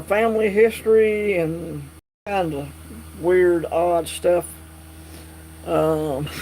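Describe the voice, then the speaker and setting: A man hosting a casual live stream, chatting with viewers in a relaxed, drawling way. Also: high voice, vocal fry, poor audio. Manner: drawling, relaxed, reads and answers chat. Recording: faint mains hum.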